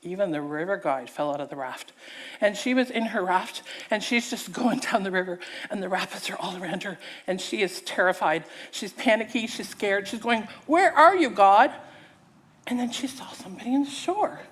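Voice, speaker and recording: A woman's voice: medium pitch, fairly quick. A woman preacher in a church giving a sermon, acting out a story with theatrical voices and drawing the audience in. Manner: animated, theatrical, engaging the audience.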